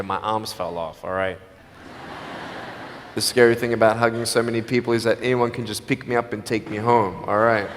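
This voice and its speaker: A man giving a motivational speech to a live audience, telling his story in an animated way, acting out the people in it and mixing playful jokes with earnest appeals. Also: medium pitch, in a large hall. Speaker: motivational speaker.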